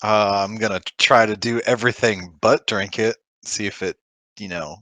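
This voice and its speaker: A man's voice: fairly low pitch, steady tone, normal speed, sharp tone, dry recording. A man playing a tabletop game, laid-back with dry jokes. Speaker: player. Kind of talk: casual chat.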